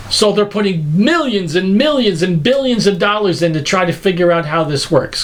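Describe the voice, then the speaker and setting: A man giving an animated lecture, emphatic and incredulous, acting out everyday examples as he goes. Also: sits high, moderate pace, hardly any pauses, a little hiss or hum. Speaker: speaker teaching a lecture series.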